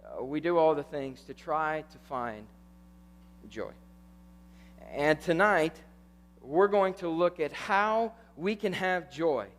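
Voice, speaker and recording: A young man, a youth pastor telling a story in a sermon, animated, tagging lines with "right?". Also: on the high side, slow, pauses often. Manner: animated, keeps asking "right?".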